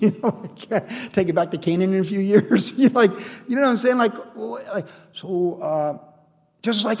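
A high-pitched man preaching with lively energy, slipping into playful voices for the people in his story. His voice rings out with a long reverb, as in a large hall. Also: normal speed. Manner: animated, acts out quoted voices, laughs often. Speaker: pastor. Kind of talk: sermon.

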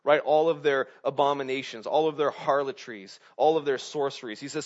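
A man's voice: medium pitch, fairly even intonation, brisk, few pauses, lo-fi sound. Man preaching, chatty and full of "right?". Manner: conversational preaching, frequent "right?" asides, swings from loud to hushed. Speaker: pastor. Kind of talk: sermon.

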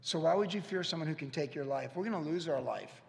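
A man in his fifties preaching a heartfelt, storytelling sermon, his voice gravelly and a little higher than most. He talks with sincere pauses and restarts. The sound carries the long echo of a church hall. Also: expressive. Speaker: pastor. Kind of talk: conversational sermon. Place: church sanctuary.

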